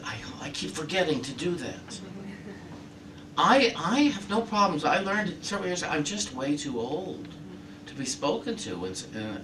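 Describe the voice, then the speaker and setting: A man, a minister, giving a conversational sermon with lively storytelling. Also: medium pitch, background noise. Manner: conversational, animated storytelling with laughs. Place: church sanctuary. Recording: roomy, distant mic in a hall.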